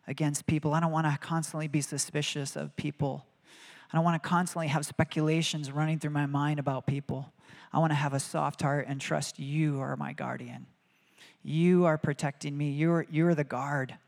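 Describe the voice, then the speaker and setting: A man delivers a sermon in an earnest, conversational way and slips into spoken prayers as he goes. His voice sits a little high for a man. A long reverb trails after each phrase. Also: flat delivery, moderate pace, gravelly. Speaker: preacher.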